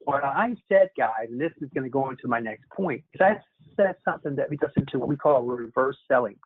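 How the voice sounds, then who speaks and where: Over a dry, tinny phone line, a man leads sales training with upbeat coaching, repeatedly addressing the group as "guys." He talks fairly quickly in a mid-range voice with lively intonation and a breathy edge.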